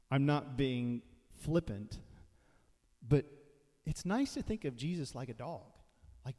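A man with a mellow, mid-pitched voice preaches a sermon. He talks in a conversational way and now and then acts out the voices he quotes. His words ring out with a long reverb in a large hall. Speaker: pastor.

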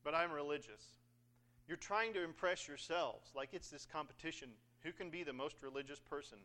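A man's voice: on the high side, fairly quick, sharp tone. A man preaching a sermon in a conversational, joking way, acting out scripture passages. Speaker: pastor.

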